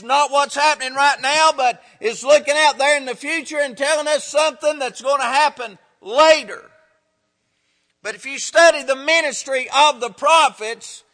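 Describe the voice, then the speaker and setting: A man preaching a sermon, emphatic and building to shouts on his key points. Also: extremely high pitch. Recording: reverberant hall.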